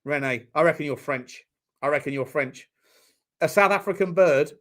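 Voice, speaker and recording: A man's voice: a little high, normal speed. A man hosting a casual football watchalong stream, rambling and joking with frequent stammering restarts. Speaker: football channel host.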